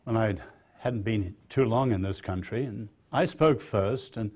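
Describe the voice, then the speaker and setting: Dryly witty English lecturer. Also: male voice, lowish voice, a little mellow, husky. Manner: measured, dryly witty, emphatic on key phrases. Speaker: guest lecturer. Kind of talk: public lecture.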